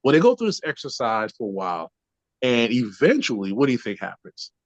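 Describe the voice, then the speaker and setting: A man's voice: medium pitch, sing-song, a little fast, dry recording. A man speaking as a podcast guest and trainer, explaining ideas conversationally and checking in with the listener often. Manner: keeps adding "right?" to check in. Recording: dull lo-fi, dry.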